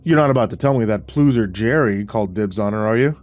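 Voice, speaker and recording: A male narrator voicing a smug, crude young man who talks in a low, sneering, dismissive way, over faint music. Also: lively intonation, quick pace, darkish tone, close to an everyday voice.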